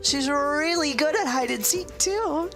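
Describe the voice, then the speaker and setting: A woman voicing a chatty, excitable little girl from a fantasy game. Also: high-pitched, a little slow, music in the background, pitched above the performer's own voice. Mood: excited.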